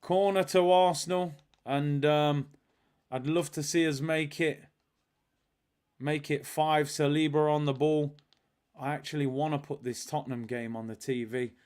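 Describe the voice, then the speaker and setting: A man with a smooth voice on the high side hosts a live football watch-along stream at a measured pace. He chats casually, reads viewers' super chats aloud and calls the match action excitedly.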